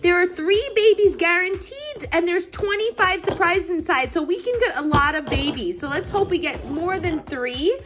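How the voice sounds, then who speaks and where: A woman toy blogger chatting casually at home as she unboxes toys, gushing and gasping with excitement. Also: very high-pitched, moderate pace, few pauses, background noise. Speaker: toy collector and parent blogger.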